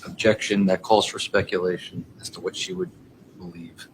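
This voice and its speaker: A man's voice: deep voice, flat delivery, moderate pace, breathy edge, poor audio. A man working as an attorney in a courtroom, raising curt, formal objections. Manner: curt, formal legal phrasing.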